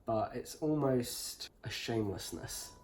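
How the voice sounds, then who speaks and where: A man's voice: mid-range voice, expressive, measured pace, darkish tone, a little hiss or hum. A young man with an English accent, chatting casually and joking dryly as he answers questions about himself. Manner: dry, joking and teasing. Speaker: interviewee, husband. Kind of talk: casual chat.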